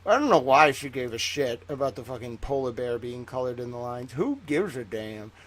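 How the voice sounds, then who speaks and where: A man's voice: medium pitch, animated, normal speed, fairly bright tone. A man hosting a livestream, chatting casually in a rambling, profane way with lots of fillers. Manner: rambling, profane, heavy use of "like". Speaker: livestream host.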